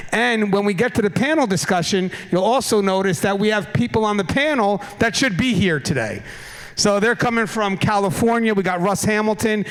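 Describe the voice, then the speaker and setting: Male keynote speaker, high voice, casual swearing storyteller on a conference stage mic. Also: clean tone. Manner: animated, casual storyteller who swears and laughs at his own story. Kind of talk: humorous travel anecdote in a keynote speech. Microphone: stage microphone.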